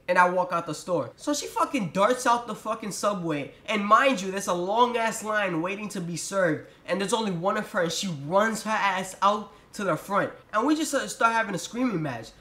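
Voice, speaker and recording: A man's voice: high-pitched, animated, normal speed, sharp tone. A young man telling a story to his camera, ranting in an exasperated, profane way. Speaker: vlogger. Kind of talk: storytime rant. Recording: echoey room.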